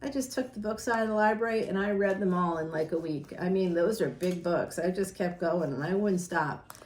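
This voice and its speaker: A woman's voice: fairly low pitch, brisk, darkish tone, reverberant. A woman giving a casual tarot reading, chatty and rambling, laughing often and talking straight to her viewers. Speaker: tarot reader.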